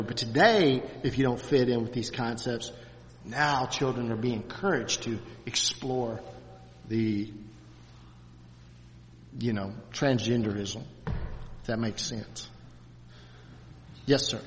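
An older man teaches a church class in a reverberant hall, his speech full of restarts and fillers. His voice sits at a middling pitch. The long echo of the room trails every phrase. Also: steady tone, slight background noise. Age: 60s. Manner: halting, many restarts and fillers. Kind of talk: church class lecture with questions.

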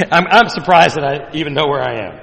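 A man preaching a sermon, animated and joking, with mocking asides in put-on voices. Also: on the high side, fairly quick, vocal fry. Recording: reverberant hall.

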